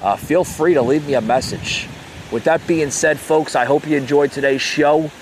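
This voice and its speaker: A man's voice: a little high, moderate pace, a little hiss or hum. A man hosting an unscripted opinion podcast, talking in a heated, repetitive way, full of "you know.". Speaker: podcast host.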